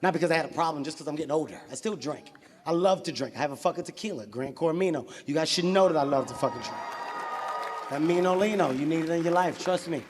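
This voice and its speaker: A man in his forties doing stand-up, telling a story in an animated, exasperated way with profane outbursts. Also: on the high side, fast talker, long reverb tail, slight background noise. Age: 40s. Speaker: stand-up comedian.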